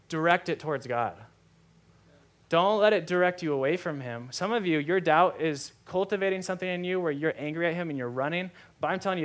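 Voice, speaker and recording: Young adult male pastor with a somewhat high voice. Gives a casual, story-driven sermon with lots of fillers. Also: a bit bright. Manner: storytelling, conversational with many fillers.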